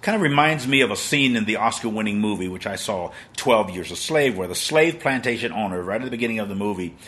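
A man's voice: fairly low pitch, expressive, fast talker, fairly bright tone. A man in his sixties preaching a sermon on a live stream, emphatic and dramatic, with plays on words. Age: 60s.

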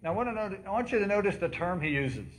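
Very fast and animated, a high-voiced pastor preaches a sermon in a church sanctuary. He quizzes the congregation and dramatically repeats the cries from the scripture story, over slight background noise.

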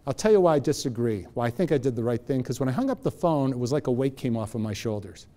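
A man's voice: medium pitch, quick pace. A man in his fifties giving a live motivational talk, telling stories with energy and quizzing the audience. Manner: animated storytelling, quizzing the audience. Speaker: motivational speaker.

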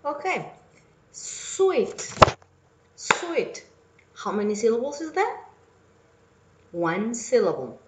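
A woman teacher giving a recorded English lesson for children, speaking slowly and clearly and repeating each word for her pupils. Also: fairly high pitch, sing-song, noisy background. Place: at home. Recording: echoey room.

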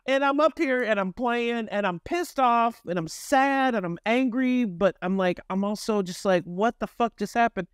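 A middle-aged man from Memphis, telling lively, self-mocking and profane stories as a guest musician in an interview. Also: extremely high pitch, clean tone, dry recording, studio quality. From Memphis, Tennessee, US. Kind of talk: candid storytelling in an interview.

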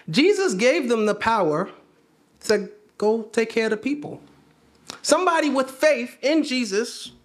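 Lively conversational preacher man. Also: very high-pitched. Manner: conversational, asks the congregation questions; repeats phrases for emphasis. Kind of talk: sermon. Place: church.

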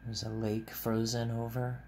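A man, a teacher, reading a picture book aloud to children at home on camera, in a gentle, chatty way, stopping to point out the pictures. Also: medium pitch, completely flat delivery, a little slow, slight background noise.

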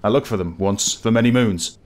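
A man voicing a grizzled old sailor in a game tavern, with a put-on West Country accent and a gruff, brooding way of telling tales. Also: lowish voice, a little fast, natural voice. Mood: mournful. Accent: West Country English, put on.

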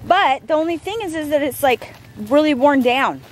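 Thirties woman rambling to her vlog camera, fairly high voice, bit of faint noise behind. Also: lively intonation, normal speed. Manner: chatty and rambling, addresses viewers as guys. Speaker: family vlogger. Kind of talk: casual vlog chat to camera.

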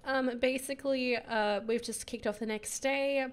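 A young woman with a croaky voice giving bubbly, giggly casual commentary on her life-sim gameplay. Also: a little high, fairly even intonation, unhurried. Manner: bubbly and giggly, gushing over her characters. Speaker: gaming YouTuber.

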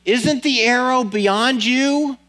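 Loyal young prince, high and urgent, voiced by a man mid-sermon. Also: slow pace, pushed and bright, exaggerated voice. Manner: urgent calling out.

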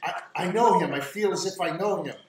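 A man voicing a startled young woman, raising his pitch, speaking in a breathless, hesitant, pleading way. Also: a little fast, a little mellow, close to an everyday voice. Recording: roomy, distant mic, faint noise.

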